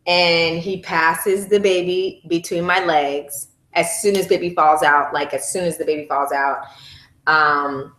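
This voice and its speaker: A woman's voice: on the low side, fairly bright tone. Mother recounting her birth story, blunt and swearing, roomy echo. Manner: candid, profane, acts out her own screams. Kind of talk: animated storytelling to a group. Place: room at a baby celebration.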